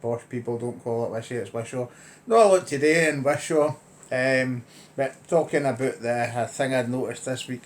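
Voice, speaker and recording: A man's voice: medium pitch, moderate pace. A middle-aged man with a Lanarkshire Scottish accent, ranting wryly and chattily to camera in a casual vlog. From Scotland. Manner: chatty, wry, grumbling. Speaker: vlogger.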